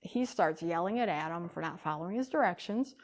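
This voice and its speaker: A woman giving a talk, telling a story with animated swings between loud bursts and hushed lines. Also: fairly low pitch, fairly quick. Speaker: speaker.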